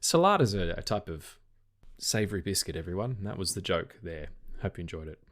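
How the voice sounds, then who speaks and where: Australian man, lower register, tired, rambling podcast co-host. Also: expressive, fairly quick, a bit bright. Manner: rambling, repeats words, swears casually. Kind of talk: casual film podcast chat.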